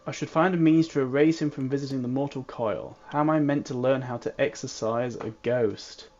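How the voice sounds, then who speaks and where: A man's voice: mid-range voice, normal speed, a little mellow, lo-fi sound. A man playing a story game, musing aloud and reading his lines with joking asides. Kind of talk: casual game commentary.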